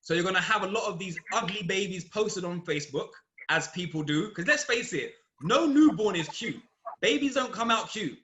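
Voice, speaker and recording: Lively, joking young man. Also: high-pitched, normal speed, a little hiss or hum. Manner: crude, teasing, laughs often. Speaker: guest playing a chat game. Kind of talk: joking casual banter. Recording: roomy echo.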